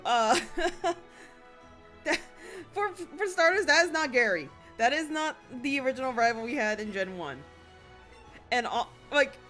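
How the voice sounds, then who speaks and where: A woman streaming a video game, chatting casually with her viewers and breaking into sudden excited squeals. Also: medium pitch. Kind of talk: casual gameplay commentary.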